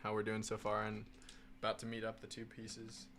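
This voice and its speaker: A man's voice: lowish voice, monotone, brisk, noisy background. A man hosting a live building stream, chatting casually and enthusiastically.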